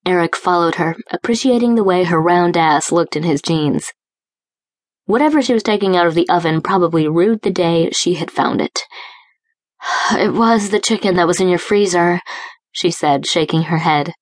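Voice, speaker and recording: A woman narrates a romance audiobook in a smooth, even storytelling voice. Her pitch sits on the low side, and the recording is dry and close, with no room sound. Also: normal speed, no room sound. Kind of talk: scripted narration. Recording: dry close studio read.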